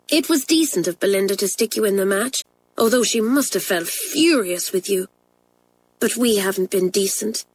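A woman reading the part of a thoughtful, honest schoolgirl twin in a storybook, speaking a little higher than her narration. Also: no echo, natural voice. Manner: sincere, reflective.

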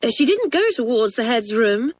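A woman reading aloud and voicing a mischievous schoolgirl who talks in an excited, bold way. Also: fairly high pitch, normal speed, pitched above the performer's own voice. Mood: gleeful. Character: mischievous, giggly schoolgirl playing pranks.

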